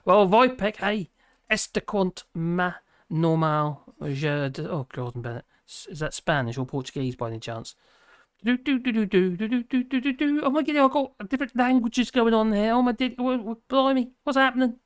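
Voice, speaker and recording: A British livestream host chats casually, reading viewer comments aloud and humming in between. Her or his medium-pitched voice is brisk and smooth, recorded in studio quality with no echo.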